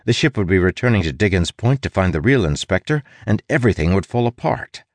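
A man's voice: low voice, lively intonation, brisk, no echo. A man narrating an audiobook with wry, playful asides. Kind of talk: scripted narration.

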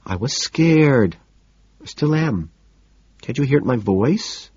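A man's voice: medium pitch, expressive, slow, a little mellow, breathy edge, dry recording, pitched above the performer's own voice, heavily acted. A man voicing a whiny, spoiled, anxious rich young woman in an audiobook, talking in a petulant, whining way. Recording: dull lo-fi recording.

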